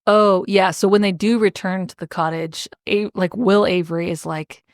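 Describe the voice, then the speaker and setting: A young woman co-hosting a podcast, recapping a story in easy casual chat with a mid-range voice. She slips into quick character quotes and swears freely. The sound is close and dry. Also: mid-range voice, steady tone, no echo. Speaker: podcast co-host.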